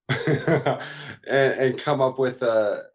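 A man on a casual podcast, relaxed and chuckling as he talks. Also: mid-range voice, drawn-out words. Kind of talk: casual chat.

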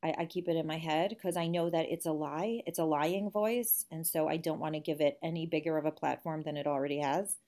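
A woman's voice: sits low, steady tone, brisk, few pauses, dark tone. A woman in her forties, a guest in an interview, speaking in a reflective, candid way with frequent restarts. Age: 40s. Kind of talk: conversational interview.

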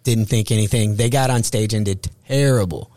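In studio-quality audio with no echo, a middle-aged male stand-up comedian chats casually on a podcast. His voice is on the low side and his pace normal as he tells profane, animated stories, acting out quotes.

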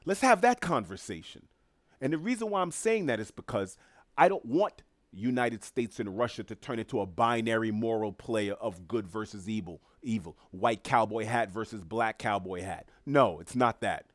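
A man's voice: lowish voice, dry recording. Guy ranting solo on his podcast, sarcastic, keeps repeating himself, dead dry sound. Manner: emphatic, sarcastic, repeats phrases. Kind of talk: opinionated solo commentary.

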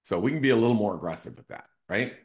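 A man's voice: on the low side, expressive, rapid-fire. A man hosting a casual real estate talk, walking through charts and checking in with "right?" as he explains. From Northern Virginia area. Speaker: real estate team CEO and show host.

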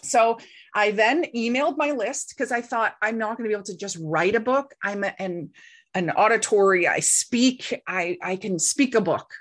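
A woman's voice: mid-range voice, moderate pace. A middle-aged woman, a guest in an interview, telling a story in a casual way and acting out the voices she quotes. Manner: animated, acts out quoted voices.

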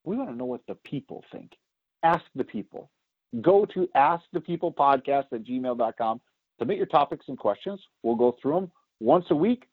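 A man co-hosting a political podcast, talking loudly and emphatically, getting louder when he is excited. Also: medium pitch, normal speed, breathy edge, no echo. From United States. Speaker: podcast co-host. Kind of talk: opinionated political podcast talk. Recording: tinny phone-like sound.

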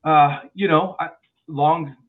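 A male airline pilot, a guest on a podcast, telling stories in a lively way and often restarting his words. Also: a little high, a little slow. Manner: animated storyteller with frequent restarts and repeated words. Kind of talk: podcast interview chat. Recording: phone-like narrow sound.

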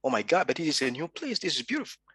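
Animated man from Gabon, husky voice. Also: fairly high pitch, racing, no room sound. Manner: animated storyteller, acts out quoted dialogue. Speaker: podcast guest. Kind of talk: casual interview talk.

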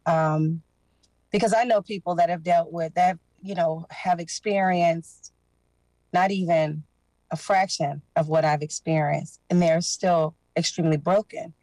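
A woman's voice: fairly low pitch, fairly even intonation, measured pace, warm tone, no room sound, rough recording. A woman guest on a podcast telling her personal story earnestly, with emotion and references to her faith. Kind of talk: personal testimony.

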